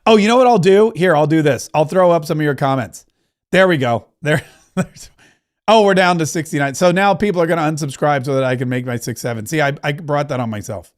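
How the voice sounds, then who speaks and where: A man's voice: a little high, fairly quick. A middle-aged man hosting a casual livestream, rambling and joking as he reads out viewer comments. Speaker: livestream host.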